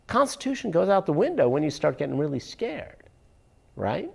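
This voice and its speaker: A man's voice: sits high, very animated, fairly quick, creaky. A man ranting sarcastically in political commentary, often turning aside to address an unseen listener.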